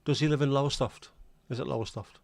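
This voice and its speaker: A man's voice: mid-range voice, fairly even intonation, quick pace, creaky, no room sound. Male host, rambling casual chat with viewers, dry close sound. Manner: rambling, chatty, answers chat comments aloud.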